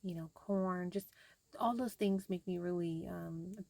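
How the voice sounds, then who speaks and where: A woman's voice: on the low side, unhurried, vocal fry, darkish tone, no echo. A young woman vlogging casually to camera, rambling with many fillers, tired and frustrated.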